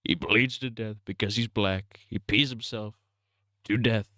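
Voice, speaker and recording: A man's voice: fairly low pitch, fairly even intonation, a little slow, pushed and bright, no room sound, studio quality. A young man rambling crude jokes on a casual gaming livestream. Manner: crude, rambling, giggly banter.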